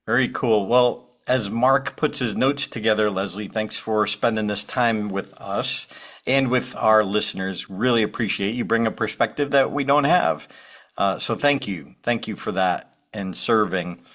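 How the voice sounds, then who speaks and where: Low-voiced male podcast host. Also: fairly bright tone. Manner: friendly, brisk wrap-up questions. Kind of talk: casual interview.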